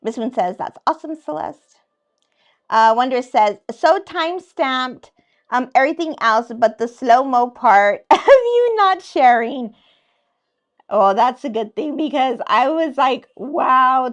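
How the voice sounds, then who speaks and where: A woman hosting a casual livestream chat, reading viewer comments aloud in a playful, teasing way and laughing often. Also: on the high side. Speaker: livestream host.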